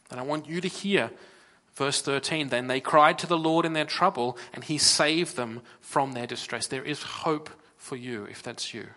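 An Australian man preaching a sermon earnestly, swinging from loud emphasis to hushed, near-whispered lows, with pauses and restarts.

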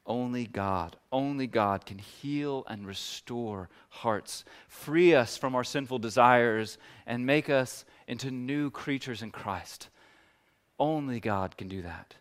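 Male pastor, casual conversational sermon delivery, animated when voicing scripture figures. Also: takes it slowly. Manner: conversational, acts out biblical figures' words with rising pitch.

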